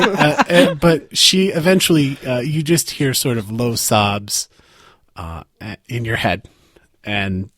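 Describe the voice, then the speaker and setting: A man running a tabletop game as game master, narrating scenes in a halting way with many restarts. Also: medium pitch, fairly bright tone. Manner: halting, full of fillers and restarts.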